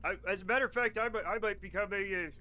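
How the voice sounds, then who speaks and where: Bright, high-voiced joking man streamer. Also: racing. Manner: rambling, joking storyteller. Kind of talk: casual chat.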